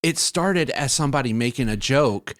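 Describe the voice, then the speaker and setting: A man on a casual podcast who talks in blunt, profane rants. His pitch moves a lot as he talks. The sound is dry and close. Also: expressive, moderate pace, a bit bright, no room sound. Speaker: podcast guest.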